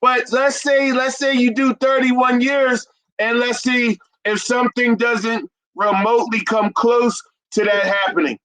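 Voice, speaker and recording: A man in his fifties, a business consultant, talking emphatically to an audience he calls ladies and gentlemen. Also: extremely high pitch, level tone, measured pace, low-quality recording. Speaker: carpet cleaning business consultant. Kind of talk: promotional business talk.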